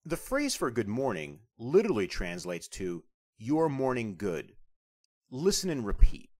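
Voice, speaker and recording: Male language instructor, scripted lesson narration, animated rising-and-falling delivery, careful articulation. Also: medium pitch. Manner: careful, deliberate, spells out sounds slowly.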